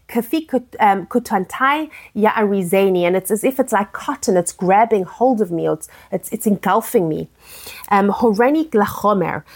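Woman teacher, mid-pitched, earnest text-study lesson, reads lines then explains, lots of restarts.

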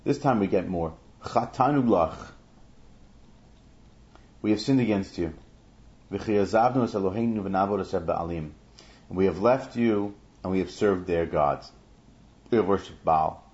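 Low, dark-voiced man teaching scripture. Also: moderate pace. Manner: chants Hebrew verses then explains them in English. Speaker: Bible teacher. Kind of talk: verse-by-verse Bible class. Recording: dull lo-fi recording.

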